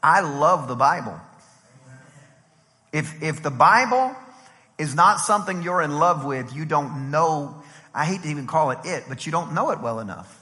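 A middle-aged man preaching a sermon as pastor, lively and conversational, acting out quotes as he goes. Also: on the high side, moderate pace. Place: church sanctuary. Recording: long hall reverb from a church.

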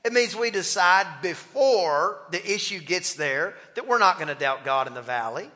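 Male pastor, high and very bright voice, fervent sermon delivery, long church reverb. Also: animated, moderate pace. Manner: impassioned, calls on the congregation to respond. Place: church sanctuary.

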